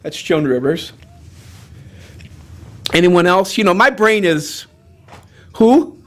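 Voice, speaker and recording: Animated playful man. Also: high-pitched, takes it slowly, pauses often. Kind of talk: casual demo of accents.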